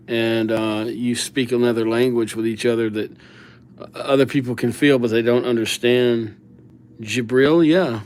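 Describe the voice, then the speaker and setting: Slow easygoing male streamer. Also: medium pitch. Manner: easygoing, reads viewer names aloud while writing. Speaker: livestream host. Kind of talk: casual livestream chat.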